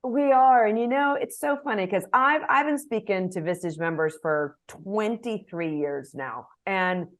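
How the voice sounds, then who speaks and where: A middle-aged woman executive coach answering interview questions in a lively way, acting out example phrases. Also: medium pitch, measured pace, hardly any pauses. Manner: animated, gives examples with acted phrases.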